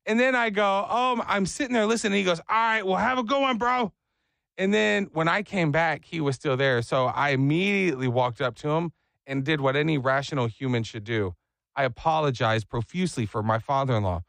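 High gravelly man telling a story. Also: a little fast, dry recording. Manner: animated, acts out voices in quotes. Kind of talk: casual comedic storytelling.

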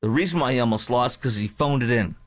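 A man's voice: medium pitch, fast, dry recording. Emphatic male radio host. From North Texas. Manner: emphatic, repetitive, combative. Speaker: radio talk show host. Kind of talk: political commentary monologue.

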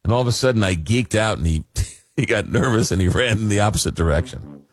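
A man's voice: on the low side, lively intonation, fast. A man in his fifties from Long Island, New York, hosting a radio call-in show and telling rambling, self-deprecating stories. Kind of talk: casual talk radio storytelling. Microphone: studio microphone.

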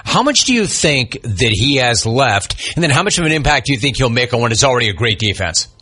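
A man hosts a casual sports talk show, talking at a brisk clip in a bright, forward voice. He puts eager questions to his guest. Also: mid-range voice, very animated, breathy edge.

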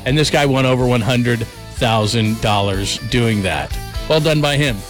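A man hosting a national sports talk show, energetic and quick to heap praise. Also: mid-range voice, soft background music. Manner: energetic, enthusiastic, hyperbolic praise.

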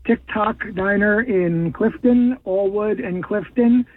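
A man calling in to a radio show over a tinny phone line. His voice sits high and a little husky, and he restarts his words as he lists places. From New Jersey. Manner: listing places, halting restarts. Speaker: caller. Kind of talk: call-in radio chat.

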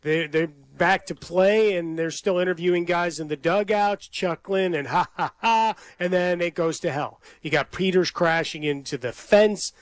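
A man's voice: high-pitched, moderate pace, few pauses, no room sound. A male radio co-host in the studio, griping in a mock-glum, dramatic way during casual sports banter.

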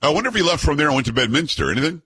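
A man hosting a radio show, teasing his co-hosts in fast, rambling banter. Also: fairly high pitch, very animated, pushed and bright.

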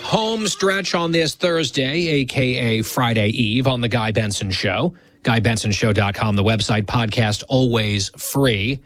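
A man hosting a radio talk show, bantering casually in a teasing, deadpan way into a studio mic. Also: on the low side, unhurried.

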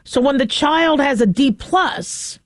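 A woman in her fifties hosting a monologue, an animated storyteller who acts out the people in her anecdotes. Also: high voice, takes it slowly, no echo, clean studio sound.

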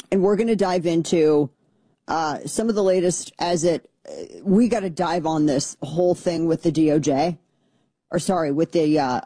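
A woman's voice: fairly low pitch, dark tone, dry recording. A woman hosting a political talk radio show, talking in a blunt, combative and sarcastic way into a studio microphone.

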